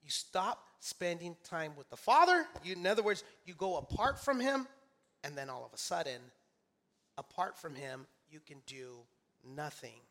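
A man's voice: a little high, very animated, moderate pace, a bit bright. A male pastor preaching a sermon in church, emphatic and repetitive, calling out to his congregation for responses. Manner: repeats key phrases for emphasis. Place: church sanctuary.

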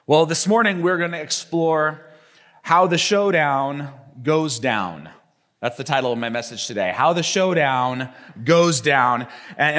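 A man preaching a sermon as pastor, animated and acting out the story's characters in different voices. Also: sits high.

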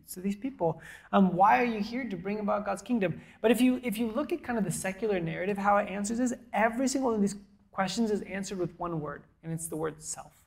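A woman pastor preaching a sermon to a congregation in a church, conversational and emphatic, with soft, quiet asides. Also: medium pitch, lively intonation, fast, gravelly. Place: church auditorium before a congregation.

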